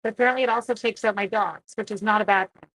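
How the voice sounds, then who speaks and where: A woman's voice: mid-range voice, quick pace, a bit bright. Chatty woman demonstrating crafts live. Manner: chatty, self-mocking, talks to herself while working. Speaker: card-making demonstrator; seventh-grade teacher. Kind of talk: casual live-stream craft demo.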